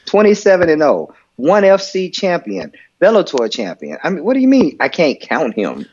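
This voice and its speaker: A man's voice: a little high, wildly swooping pitch, normal speed, a little mellow, slightly rough. A man co-hosting a sports talk show in casual chat, earnest and repeating words as he builds his point. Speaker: podcast co-host. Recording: dull lo-fi sound.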